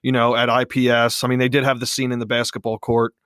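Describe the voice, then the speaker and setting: A man's voice: mid-range voice, monotone, fairly bright tone, clear, resonant tone, no echo, clean studio sound. Rambling man with a Philly accent. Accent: Philadelphia. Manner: rambling, halting with restarts. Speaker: podcast guest. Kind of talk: casual chat.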